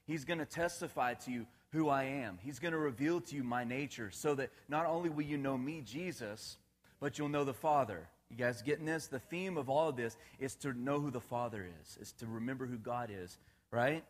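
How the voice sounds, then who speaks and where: A man preaching a relaxed, conversational sermon, often checking in with his listeners and laughing at his own jokes. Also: medium pitch, normal speed. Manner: casual, asks the congregation questions, laughs at his own jokes.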